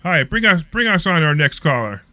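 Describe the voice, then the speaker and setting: A man's voice: on the high side, very animated, brisk, sharp tone, no echo. A male radio host taking calls, blunt and sarcastic, often cutting in. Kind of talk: call-in talk radio.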